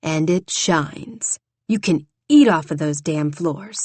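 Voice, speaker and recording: Brock is a calm, teasing young romantic lead with a playful edge, as a woman narrator voices him. His lines come in a soft, lower, quieter register, close and dry. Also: slow, no echo. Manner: teasing, low-key and calm.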